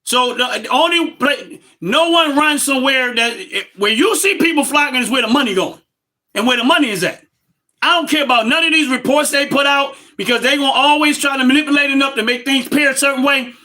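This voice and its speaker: Man, very high voice, bright and forceful, loud repetitive livestream rant. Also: fairly quick. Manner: loud, emphatic and repetitive, laughs between points. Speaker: livestream host.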